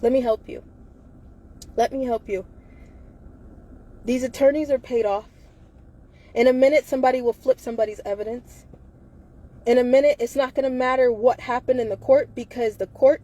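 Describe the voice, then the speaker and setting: Fervent woman with a mellow voice. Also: on the high side. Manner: fervent, repetitive rhetorical questions. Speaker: livestreamer. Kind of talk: impassioned live video monologue.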